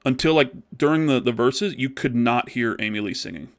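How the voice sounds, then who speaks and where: A man's voice: medium pitch, a little fast. Profane rambling podcast guy. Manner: rambling and profane, lots of fillers. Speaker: podcast co-host. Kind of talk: casual chat.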